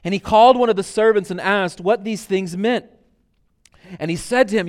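A man preaching a sermon, lively and expressive, acting out the speakers he quotes and dropping to a quiet voice for asides. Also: moderate pace. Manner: animated, acts out quoted characters, repeats words; drops to a low, quiet voice for asides.

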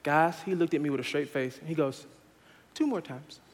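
A young man preaching an earnest sermon to his church, moving from quiet urging to loud, laughing stories about family life. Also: a little high, fairly even intonation, fast, in a large hall, heavy background noise. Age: young adult. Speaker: pastor.

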